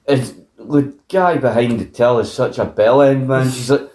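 A man's voice: mid-range voice, unhurried. Scottish guy swearing his way through a movie recap, echoey room sound. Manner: sweary, animated retelling of scenes. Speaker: podcast co-host. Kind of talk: casual film review chat. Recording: roomy echo.

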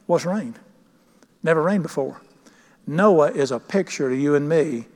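A man's voice: on the high side, animated, a little slow, darkish tone. Man preaching in a reverberant church. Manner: emphatic, asks the congregation questions. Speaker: pastor. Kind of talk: sermon. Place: church sanctuary.

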